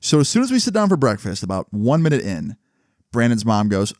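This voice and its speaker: A man telling a story in a casual storytime vlog, animated and full of swearing and fillers. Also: medium pitch, a little fast, no echo, clean studio sound.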